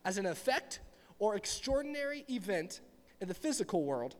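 A young man preaching a sermon to a live audience in a church hall, in a chatty, animated, rambling way. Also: high-pitched, moderate pace. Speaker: pastor. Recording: long reverb of a large hall.

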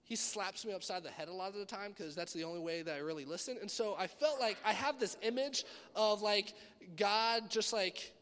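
High-voiced young man preaching in a hall. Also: fairly quick. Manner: animated storytelling, swinging between loud and soft. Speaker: youth pastor. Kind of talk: sermon.

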